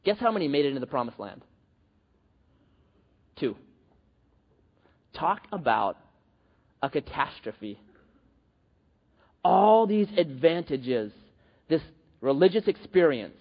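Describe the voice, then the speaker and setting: Husky animated preacher in a reverberant hall. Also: male voice, on the high side, slow, long pauses. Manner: animated, joking, conversational preaching with many restarts. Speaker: pastor. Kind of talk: sermon. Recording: dull, reverberant hall recording.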